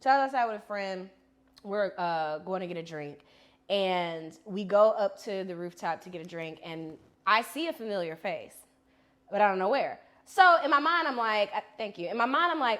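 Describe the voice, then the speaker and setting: A woman co-hosting a podcast, telling stories in casual chat with animated delivery. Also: a little high, moderate pace. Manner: animated storytelling with bursts of laughter. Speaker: podcast co-host.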